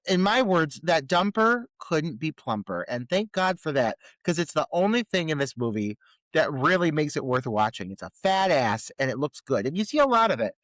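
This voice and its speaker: A man's voice: on the high side, fairly bright tone, dry recording. A man co-hosting a horror movie podcast, ranting in casual, profane, sarcastic chat. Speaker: podcast co-host.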